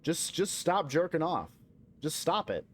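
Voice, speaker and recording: In a slightly high, sing-song voice, a young man from the United States streams a game at an unhurried pace. His casual talk rambles and turns profane, with mock-outraged rants, while faint music plays.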